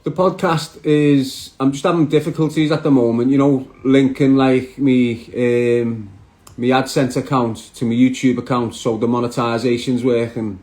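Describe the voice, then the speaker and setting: A man's voice: mid-range voice, little pitch movement, moderate pace, darkish tone. A man, chatting brashly on a live stream and answering viewer comments. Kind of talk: casual live stream chat.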